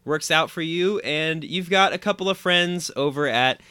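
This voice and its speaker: A man's voice: on the high side, moderate pace, bright, forceful tone, clear, resonant tone, no echo, clean studio sound. A man co-hosting a podcast in casual chat, reading listener emails aloud and laughing often.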